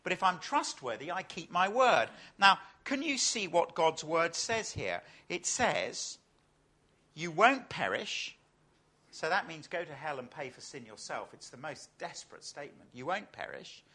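A man's voice: fairly high pitch, very animated, moderate pace, hardly any pauses, sharp tone. A man, an Anglican clergyman, preaching a sermon full of stories and rhetorical questions.

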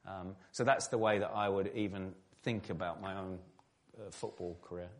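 A middle-aged man from England with a fairly low voice, chatting easily through his answers at an evening event. He is self-deprecating and often restarts his sentences. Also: fairly even intonation, moderate pace. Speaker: guest, former footballer turned pastor. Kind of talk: conversational interview answers.

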